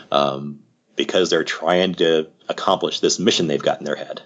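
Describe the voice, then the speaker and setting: Man, psychiatrist guest, low husky voice, rambling casual talk, muffled lo-fi audio. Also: fairly even intonation, moderate pace, a bit bright. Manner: rambling, full of "you know" asides. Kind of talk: casual podcast conversation.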